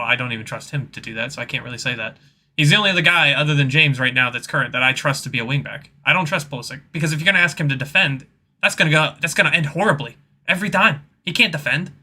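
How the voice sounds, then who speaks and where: Blunt frustrated man, very bright voice. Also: fairly high pitch, fast. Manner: blunt, frustrated, restarts mid-sentence. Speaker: panel guest. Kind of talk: casual fan opinion chat.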